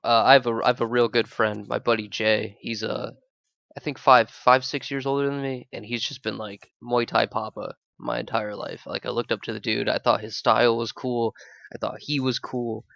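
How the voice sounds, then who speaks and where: A man's voice: medium pitch, moderate pace, vocal fry, no room sound. A man co-hosting a podcast, telling his fight stories in casual chat, swearing, laughing and acting out the other people in them. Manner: animated, profane, laughing, acts out quoted voices. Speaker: podcast co-host, amateur Muay Thai fighter.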